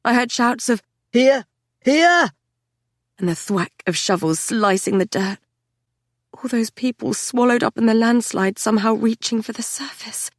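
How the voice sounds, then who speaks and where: A woman reading a dark fantasy novel aloud in the first person, intense and measured. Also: fairly high pitch, fairly even intonation, no room sound, clean studio sound. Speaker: audiobook narrator. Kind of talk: dramatic first-person audiobook narration.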